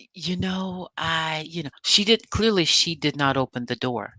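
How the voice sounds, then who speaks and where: Chatty low-voiced woman vlogger. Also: expressive, unhurried, dry recording. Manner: chatty, emphatic storyteller. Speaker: vlogger recapping a reality show. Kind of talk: casual recap commentary.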